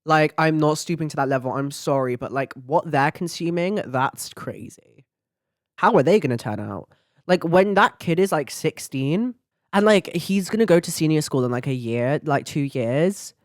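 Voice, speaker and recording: A woman's voice: deep voice, lively intonation, moderate pace, no echo, clean studio sound. A young woman hosting a podcast, talking in a blunt, chatty way with lots of filler words and swearing. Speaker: podcast host. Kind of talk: casual chat to camera.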